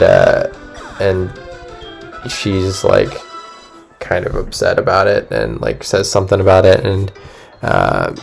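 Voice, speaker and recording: A gaming channel host with a deep, slightly mellow voice and vocal fry retells a story casually between gameplay. He rambles with plenty of fillers and swears now and then.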